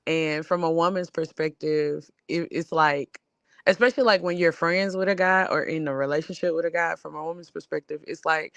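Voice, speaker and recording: A woman with a Southern US accent co-hosting a casual barbershop-style chat, talking in a loose, animated way full of fillers. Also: low voice, normal speed, clean tone, no room sound. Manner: animated, drawling, lots of fillers. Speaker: podcast co-host.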